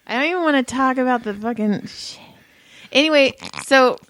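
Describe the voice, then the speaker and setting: A woman's voice: high-pitched, normal speed, fairly bright tone, no room sound, studio quality. A woman in her thirties co-hosting a podcast, telling blunt, profane stories and laughing often. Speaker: podcast co-host. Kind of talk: casual crude chat.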